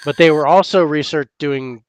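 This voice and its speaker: A man co-hosting a casual chat over drinks, talking in a halting way and repeating words as he thinks. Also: a little high, clear, resonant tone, no echo. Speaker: podcast co-host.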